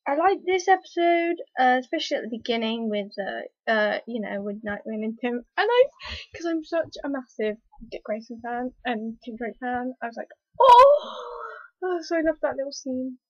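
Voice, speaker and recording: A fairly high-voiced woman chats through a casual review vlog, full of ums and restarts as she gushes like an eager fan. Her voice comes through a dull, lo-fi recording with a dry, close sound. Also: normal speed, no echo. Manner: rambling, hesitant, excitable fan with many fillers. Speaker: TV episode reviewer.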